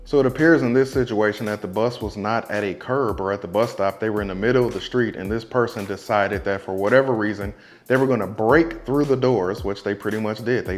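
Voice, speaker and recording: A man with a low voice talks casually as a working bus driver and gives viewers advice. He is earnest and repeats his points for emphasis. Soft music plays faintly under him. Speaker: bus driver reacting to clips. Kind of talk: casual commentary vlog.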